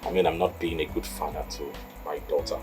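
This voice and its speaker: A man's voice: a bass voice, little pitch movement, fast, music in the background. An actor playing an anxious father who confides in his maid, in a film. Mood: worried. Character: worried widowed father, middle-aged man. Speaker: employer and father. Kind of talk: film acting.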